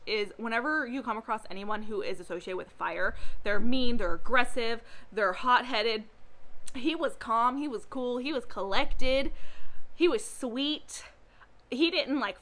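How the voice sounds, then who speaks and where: Young woman gabbing about books, high bright voice, keeps cracking up. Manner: laughs often, acts out characters in mocking quotes. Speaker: book reviewer. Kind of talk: casual book review chat.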